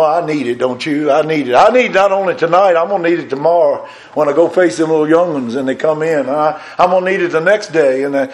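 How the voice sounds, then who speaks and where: Fervent high-voiced preacher. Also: male voice. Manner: fervent, swinging between loud and hushed. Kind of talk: sermon.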